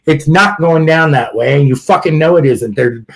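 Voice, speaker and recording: A man's voice: on the high side, normal speed, poor audio. A man hosting a podcast in casual political chat, blunt and rambling, swearing freely and laughing at his own jokes. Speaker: podcast host.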